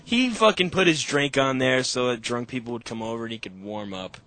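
A man's voice: mid-range voice, a little fast, bright, forceful tone, no echo. A man hosting a podcast, chatting casually with a lot of swearing and laughter. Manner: profane, rambling, laughing often. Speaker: podcast host. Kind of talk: casual chat. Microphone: call-in setup with echo.

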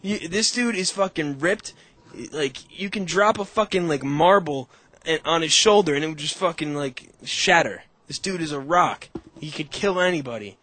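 A young man hosting a podcast on a call, telling animated, profane stories in casual chat. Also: on the high side, normal speed. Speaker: podcast host.

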